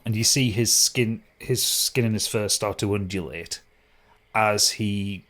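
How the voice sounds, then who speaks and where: A British man narrating a tabletop game as game master, descriptive and unhurried, with frequent fillers. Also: on the low side, steady tone, fairly bright tone.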